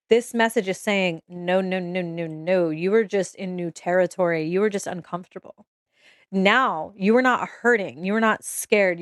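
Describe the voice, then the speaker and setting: A woman's voice: mid-range voice, no echo, studio quality. A young woman giving a casual, emotional tarot reading to camera, swearing freely and checking in with "okay?" as she goes. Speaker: tarot reader.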